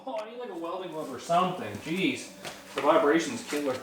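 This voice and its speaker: A man's voice: fairly high pitch, big pitch swings, fairly quick. A man casually narrating his garage build in an offhand, joking way, with the odd swear. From Canada. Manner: joking, offhand, mildly profane. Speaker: vlogger building a drag lawnmower. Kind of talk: casual workshop vlog. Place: home garage workshop. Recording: echoey garage, faint noise.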